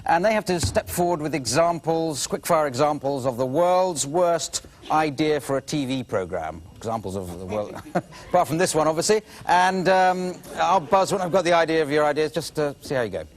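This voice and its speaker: A man's voice: on the high side, lively intonation, moderate pace. A British man hosting an improv comedy show, hesitant and full of filler words. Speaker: game show host.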